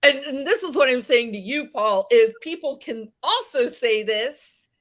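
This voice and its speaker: A woman from West Virginia tells a story on a podcast, slowly and with animation. Her voice sits a little high and sounds bright and sharp. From West Virginia, USA. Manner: animated storyteller, acts out quoted exchanges. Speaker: guest. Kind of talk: podcast conversation.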